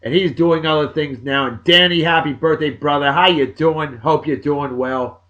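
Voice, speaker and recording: Man, 40s, somewhat high voice, jokey, loud bursts and mumbled asides, casual vlog shout-outs. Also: normal speed, lo-fi sound. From Massachusetts, USA. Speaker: video blog host.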